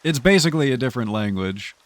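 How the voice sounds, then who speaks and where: A man's voice: medium pitch, animated, fast, no echo. Chatty male streamer with a dry, close sound. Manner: chatty, laughs often, stammering restarts. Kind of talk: casual gameplay commentary.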